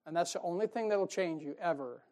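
A man's voice: high voice, a little fast. Folksy, emphatic male preacher. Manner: folksy, emphatic, laughs at own jokes; swings between loud stresses and soft asides. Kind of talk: sermon.

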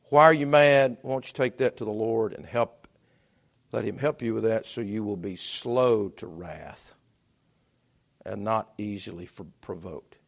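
This pastor's sermon is delivered at a measured pace in a lowish, gravelly male voice. He talks conversationally, restarts repeatedly, and alternates loud outbursts with quiet asides.

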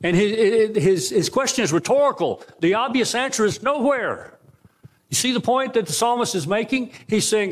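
A man with a fairly high voice preaching from the pulpit of a church. He presses the congregation with rhetorical questions, rising loud and then dropping to a hushed, slow close. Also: expressive. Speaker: pastor. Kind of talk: sermon. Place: church sanctuary.

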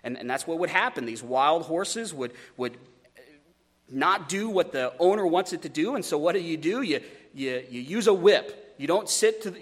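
A man's voice: on the high side, in a large hall. A man preaching a sermon as a pastor, conversational, with stumbling repeats and joking asides.

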